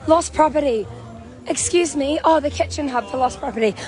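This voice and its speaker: A young woman with a New Zealand accent and a hoarse voice, chatting bubbly and casually as she vlogs on a phone at an outdoor protest camp. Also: high-pitched, fairly quick, darkish tone. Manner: bubbly, chatty, laughs often. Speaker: vlogger. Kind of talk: casual walking vlog. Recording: crowd chanting and music behind.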